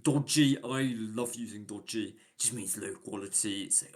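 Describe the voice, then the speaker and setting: A man's voice: lowish voice, fairly even intonation, measured pace, darkish tone. A man with a Yorkshire accent, chatting casually as a host and explaining British slang, with lots of fillers and restarts. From England. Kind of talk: casual chat.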